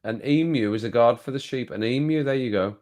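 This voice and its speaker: A man's voice: medium pitch, brisk, a little mellow. A man hosting a casual live stream, chatting and reading viewer comments aloud with frequent laughter.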